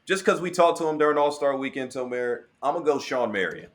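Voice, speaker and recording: A man's voice: mid-range voice, animated, fast. A man co-hosting a casual sports podcast, upbeat and playful, who also wraps up the episode. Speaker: podcast co-host.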